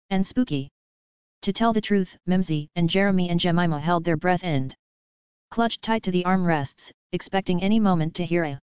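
A woman narrating a children's storybook in a steady, even reading. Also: lowish voice, clean tone, no room sound. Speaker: audiobook narrator. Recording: slightly dull, lo-fi sound.

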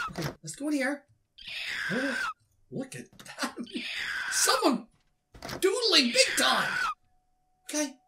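A woman doing excitable, shrieky let's play commentary as a gaming YouTuber. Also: extremely high pitch, background noise. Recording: voice over loud game music.

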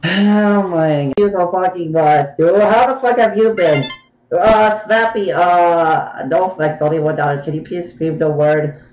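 A man streaming a game live, loud and profane, switching between screaming and laughing. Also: high-pitched, unhurried. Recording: roomy, noisy stream audio.

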